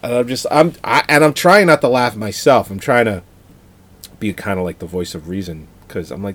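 A man co-hosting a podcast, telling relaxed stories and laughing easily in casual chat. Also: mid-range voice, moderate pace. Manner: laid-back storyteller, laughs easily. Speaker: podcast co-host. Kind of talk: casual movie-review chat.

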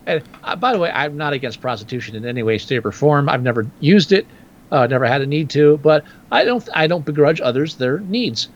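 Wry man with a muffled, higher voice. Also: animated, fairly quick. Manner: joking, wry, laughs at own remarks. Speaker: podcast co-host. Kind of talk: casual film discussion.

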